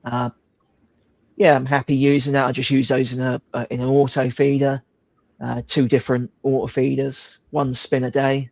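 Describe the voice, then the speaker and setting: A relaxed man chatting casually, salty in his language and quick to laugh. His voice comes through a dull, lo-fi mic. The sound is dry and close, with no room around it. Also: medium pitch, vocal fry, no echo. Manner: relaxed, swears, laughs easily. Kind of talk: casual chat.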